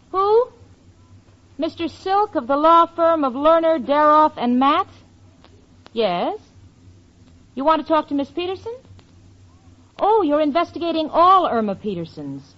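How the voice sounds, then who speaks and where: Level-headed straight woman in a 1940s radio sitcom; bright, lively voice, muffled old broadcast. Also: sits high, slow, pauses often, heavily acted. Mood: phone call. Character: sensible, patient young female roommate.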